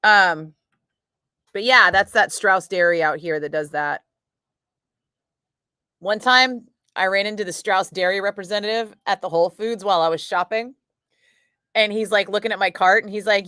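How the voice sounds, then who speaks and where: A woman's voice: mid-range voice, moderate pace, long pauses, no echo, studio quality. Chatty middle-aged woman. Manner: chatty, animated storyteller, swears casually. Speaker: radio DJ chatting with live viewers. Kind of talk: casual livestream chat.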